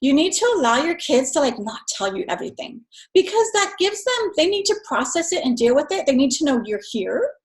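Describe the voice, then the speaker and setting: A middle-aged woman giving a casual, chatty recorded lecture to her students over slides, with many fillers. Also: on the high side. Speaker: instructor.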